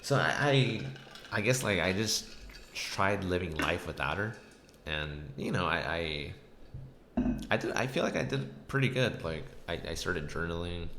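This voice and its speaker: Brief: very deep, gravelly male host, hesitant and reflective, in an echoey room. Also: lively intonation, a little slow, a bit bright, slight background noise. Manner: hesitant and reflective, many restarts. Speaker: podcast host. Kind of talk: casual storytelling chat.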